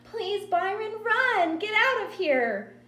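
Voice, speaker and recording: Sobbing little girl, high and shrill, begging through tears; roomy read with a faint hum. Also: very animated, takes it slowly, bright, forceful tone, heavily acted. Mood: sobbing, pleading. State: crying.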